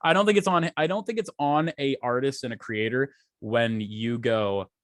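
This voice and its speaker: A man's voice: mid-range voice, normal speed, no room sound, clean studio sound. Profane man ranting on a podcast. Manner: profane, animated ranting with acted quotes. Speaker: podcast co-host. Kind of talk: casual podcast rant.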